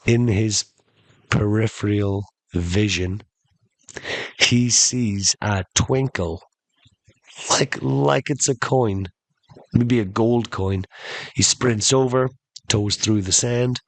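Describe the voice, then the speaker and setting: Podcast host spinning a yarn: low, slow, chatty, dry close mic. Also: male voice, no room sound. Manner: conversational, addresses listeners as "folks". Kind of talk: comic storytelling.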